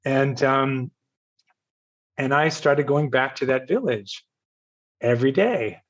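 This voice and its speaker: An older man from Virginia in the United States, a guest on a podcast, tells a self-mocking story during a casual interview, laughing at himself as he quotes others. His voice is medium-pitched and unhurried, and the audio is slightly dull and lo-fi.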